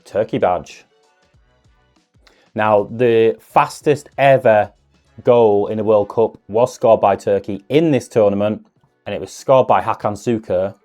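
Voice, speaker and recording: A man talks casually through an unboxing, his voice sitting fairly low. He muses aloud with self-deprecating asides as he goes. Soft music plays faintly underneath. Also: a little slow. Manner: chatty, musing asides with self-deprecating humour. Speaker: card-opening video host.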